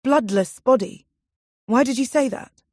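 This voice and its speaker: A woman voicing a guarded young woman who speaks in hushed, urgent tones, in an audiobook. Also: high-pitched, unhurried, no echo, clean studio sound, voice pushed up. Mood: tense. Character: tense, guarded young woman keeping secrets.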